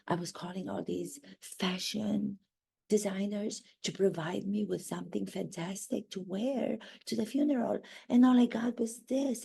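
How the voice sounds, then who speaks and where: A woman's voice: medium pitch, gravelly, mellow, slightly rough, heavily acted. A woman playing a haughty, self-absorbed duchess in a rambling parody monologue.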